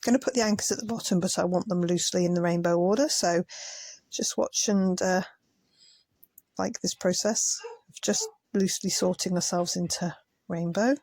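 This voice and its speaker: A woman in a relaxed craft voice-over, talking to herself as much as to the viewer while she sorts. Her voice sits a little low and sounds dry and close to the mic. She comes across tired and unhurried. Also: no room sound. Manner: chatty, muttering asides while sorting. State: tired, yawning. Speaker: craft vlogger. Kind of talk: casual commentary over sped-up footage.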